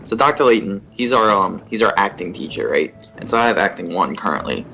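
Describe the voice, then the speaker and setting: A young man on a gaming livestream, telling a rambling, animated story and laughing at it. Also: lowish voice, brisk, vocal fry, noisy background. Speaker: gaming streamer. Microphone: desk mic at a facecam setup.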